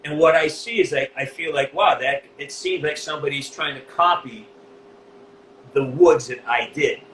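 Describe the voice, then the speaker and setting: A middle-aged man from New England with a Northeastern US accent, speaking as an interview guest, blunt and animated, with a lot of swearing. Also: on the high side, moderate pace, roomy sound, slight background noise, poor audio. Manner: blunt, profane, animated storytelling. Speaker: voice actor guest. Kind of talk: candid interview.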